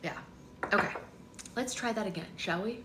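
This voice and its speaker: A woman's voice: mid-range voice, normal speed. Chatty young mother in an echoey, noisy room. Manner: chatty, laughing, talks to her baby and to viewers. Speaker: livestream read-along host and mother. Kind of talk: casual livestream chat while minding a baby. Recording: roomy with noisy background.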